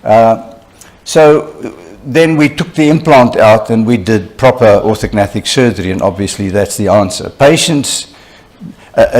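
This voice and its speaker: An older man, a surgeon giving a conference lecture, talking conversationally and telling anecdotes with frequent asides to the audience. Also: fairly low pitch. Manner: conversational, animated storyteller with frequent "you know" asides.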